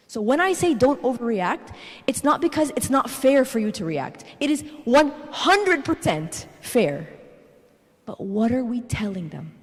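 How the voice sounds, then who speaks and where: Animated woman telling parenting stories. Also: on the high side, slightly rough. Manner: animated storytelling, tags lines with "okay?". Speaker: speaker at a church parenting talk. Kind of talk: parenting talk with personal stories. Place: church hall. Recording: reverberant church hall.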